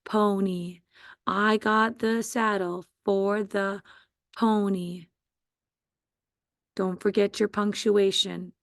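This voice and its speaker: A woman's voice: mid-range voice, steady tone, slow, vocal fry, long pauses, dry recording, clean studio sound. A woman teaching a phonics spelling lesson to children, patiently sounding out letters and syllables one at a time.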